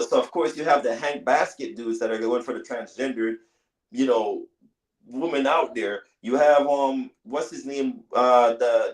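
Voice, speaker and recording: A man in mid-pitch holds the floor on a podcast panel with a preachy, scolding rant. He trips over his words and repeats them as he pushes his point. The room around him rings with a noticeable echo.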